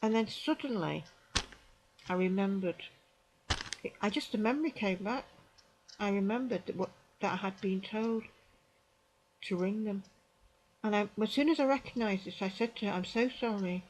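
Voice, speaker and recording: A woman in her sixties with a British accent, telling a personal story to camera in a halting, repetitive way, often restarting her sentences. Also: medium pitch, darkish tone, poor audio. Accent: British English. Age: 60s. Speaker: vlogger.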